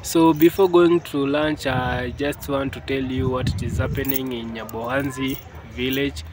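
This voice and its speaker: A man's voice: medium pitch, steady tone, a little slow. A Kenyan man narrating a casual village vlog outdoors, hesitant with many fillers and frequent "yes, guys". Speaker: vlogger. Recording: clear outdoor background noise.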